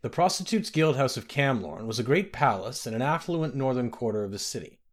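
A man's voice: medium pitch, animated, brisk. A man narrating a fantasy story aloud, reading expressively.

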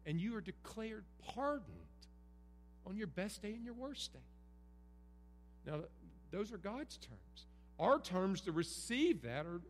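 A middle-aged man delivers an earnest sermon, leaning on emphatic repetition. His voice sits a touch high. The hall carries a long reverb over a faint hum. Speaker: pastor. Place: church sanctuary.

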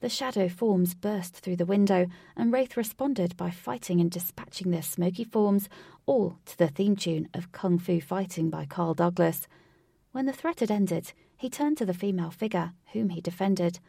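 A woman's voice: fairly low pitch, creaky, warm tone, no echo, studio quality, far from the mic. A woman narrating a fantasy story aloud, reading evenly.

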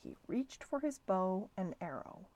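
A woman reading a children's novel aloud, calm and expressive. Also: mid-range voice, a little slow, no echo. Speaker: storybook reader.

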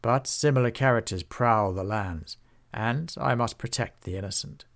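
A man voicing a calm, grave male swordsman hero in a storybook reading, measured and steady. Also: mid-range voice, vocal fry.

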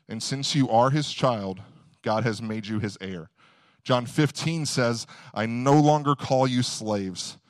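A man's voice: medium pitch, no room sound, clean studio sound. Young man preaching casually. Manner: conversational, storytelling, quick bursts of emphasis. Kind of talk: casual sermon.

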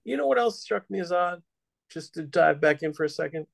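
A man's voice: on the high side, lively intonation, fairly quick, creaky, no echo. A man hosting a casual film-review chat, blunt and sardonic, with some swearing. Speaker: podcast host, film reviewer.

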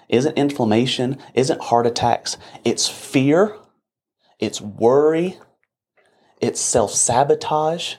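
A man's voice: mid-range voice, a little mellow. A young adult man co-hosting a podcast, delivering a heated, preachy and profane motivational rant about strength and discipline. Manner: fiery, preachy, blunt and profane. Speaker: podcast co-host.

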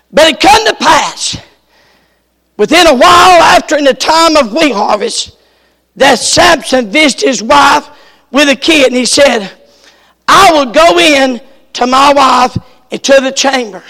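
A male preacher reading scripture aloud and explaining it, with bursts of shouting. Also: very high-pitched, gravelly, long reverb tail. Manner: reads scripture then explains it, rising to shouts. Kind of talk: sermon.

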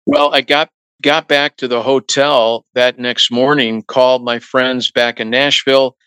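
A middle-aged male musician telling anecdotes in a relaxed interview, acting out what others said to him. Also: mid-range voice, measured pace, clear, resonant tone, no echo, low-quality recording. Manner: relaxed anecdotal, acts out quoted voices. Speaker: guest musician. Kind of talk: storytelling interview talk.

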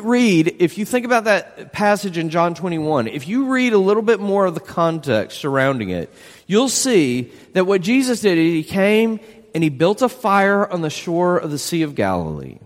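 Male pastor, emphatic sermon delivery, expressive pitch, reverberant hall sound. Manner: animated, emphatic preaching with rhetorical questions.

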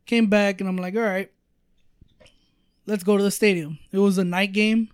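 A man's voice: high voice, steady tone, normal speed, clean tone, no echo, studio quality. A man telling a travel story in casual podcast chat, rambling with lots of fillers and swearing. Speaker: storyteller guest.

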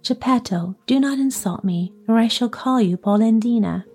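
A woman's voice: fairly high pitch, moderate pace, darkish tone, husky, soft background music. A woman voicing a touchy, surly old male carpenter in a storybook reading, protesting indignantly.

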